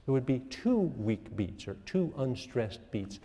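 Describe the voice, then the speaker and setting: An older man lecturing a music class, lively and self-mocking, quizzing his students. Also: medium pitch, unhurried. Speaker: music professor. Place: lecture hall. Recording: echoey lecture hall.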